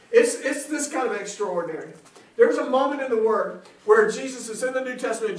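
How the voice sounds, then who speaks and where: Animated Southern preacher in an echoey hall. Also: male voice, very high voice, recorded from a distance. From South Carolina, USA. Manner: animated, laughing, loud bursts. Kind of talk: comic storytelling sermon.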